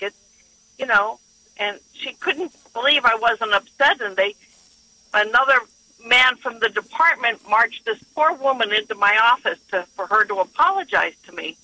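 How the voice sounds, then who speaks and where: A woman calling in to a radio show, telling a story in an animated way and acting out what others said. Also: fairly high pitch, normal speed, no echo, rough recording. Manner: animated storyteller who acts out the quoted voices. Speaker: caller.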